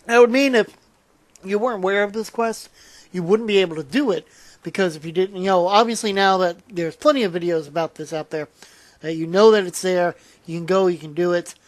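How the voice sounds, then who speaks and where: This channel host's mid-range voice is brisk, recorded with no room sound. Weary and yawning, he rambles through his gameplay commentary, often restarting and drifting into trailing asides.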